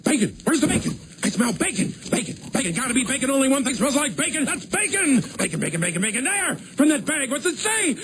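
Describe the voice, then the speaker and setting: Frantic bacon-mad dog. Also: male voice, extremely high pitch, sing-song, fast, hardly any pauses, noisy background. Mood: excited. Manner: yelps and begs with giddy, desperate shouts. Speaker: dog in a commercial. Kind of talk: acted TV commercial.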